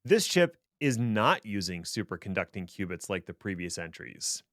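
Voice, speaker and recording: A man's voice: low-pitched, big pitch swings, normal speed, a bit bright, no echo. A man co-hosting a tech podcast, explaining things casually with dry, sarcastic asides. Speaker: podcast co-host.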